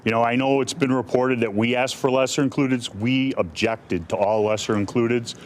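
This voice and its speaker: A man's voice: mid-range voice, fairly even intonation, brisk, slight background noise. A middle-aged male defense attorney answering reporters' questions bluntly, with many restarts and fillers. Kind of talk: press conference answers.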